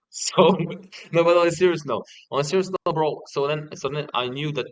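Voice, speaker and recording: A young man in a casual interview, telling stories in an animated way and swearing often. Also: a little high, normal speed, no echo, poor audio. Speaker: guest.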